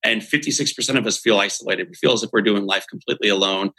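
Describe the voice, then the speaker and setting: A man talks with a bright, forward edge and a husky grain. He speaks as a guest on an inspirational podcast, earnest and emphatic, pressing each point home like a preacher. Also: on the low side, quick pace, poor audio. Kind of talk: motivational interview talk.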